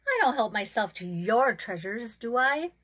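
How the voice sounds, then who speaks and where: Fields: Figure: proud, selfish male pond spirit, voiced by a woman. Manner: ranting, rising high and loud when upset. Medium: storybook reading. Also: measured pace, lightly acted. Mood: cold.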